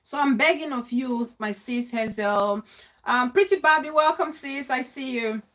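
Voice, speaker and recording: A woman hosting a live stream, warmly greeting viewers by name and talking into her phone. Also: high-pitched, measured pace. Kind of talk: live stream chat reading comments.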